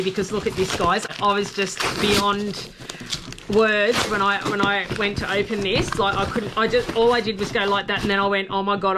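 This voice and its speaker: A woman in a casual craft haul video, cooing and gasping with delight over each find. She talks at an ordinary, mid-range pitch, with a little faint noise sitting behind her voice. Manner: gushing, excitable, gasps and coos over paper. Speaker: craft vlogger.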